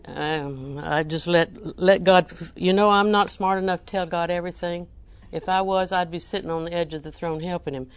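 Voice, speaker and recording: A woman preacher, delivering a sermon with animated emphasis that rises to near-shouting. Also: lowish voice, moderate pace, few pauses, smooth.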